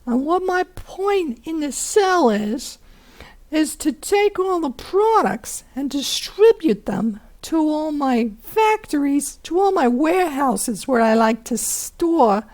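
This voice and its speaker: A hoarse woman voicing a blustering male 1920s mobster boss with a put-on Italian accent, full of tough-guy bravado. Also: lively intonation, slow, darkish tone. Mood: swaggering. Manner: tough-guy bravado, much higher than her own voice.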